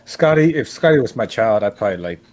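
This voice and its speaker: A man's voice: on the low side, lively intonation, fast, a little mellow, poor audio. A man joining a stream chat, teasing crudely and rambling through silly stories. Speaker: stream guest. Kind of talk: casual banter on a stream.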